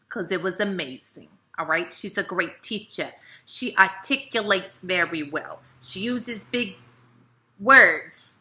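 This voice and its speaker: A woman from the American South with a Southern accent, giving a chatty, animated motivational talk to her team as a leader. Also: medium pitch. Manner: chatty, animated, with frequent "right?" and "okay". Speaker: network marketing team leader.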